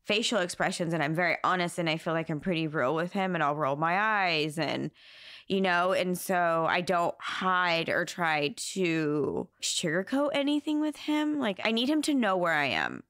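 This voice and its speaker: A woman's voice: fairly low pitch, animated, moderate pace, a bit bright, no echo, studio quality. A young woman guest talking candidly, frank and exasperated, swearing freely. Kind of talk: candid personal conversation.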